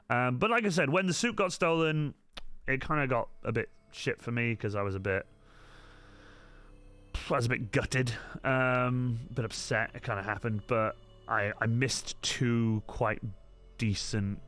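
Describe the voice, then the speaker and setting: Male streamer, rambling and halting, expressive pitch, light music underneath. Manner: rambling, hesitant, full of restarts and ums. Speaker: cosplayer streaming to viewers. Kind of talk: casual live-stream chat.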